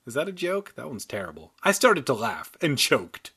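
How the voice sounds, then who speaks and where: A man's voice: medium pitch, big pitch swings, normal speed, sharp tone, husky. A man reading a children's book aloud and breaking off into crude, irreverent comic asides. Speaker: comedic reader. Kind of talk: comedic book reading with riffs. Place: San Diego.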